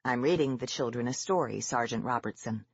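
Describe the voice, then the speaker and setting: Narrator doing a calm, gentle schoolteacher. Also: medium pitch, brisk, slightly rough, no room sound, lo-fi sound, voice pushed down. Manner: calm, soft, firm.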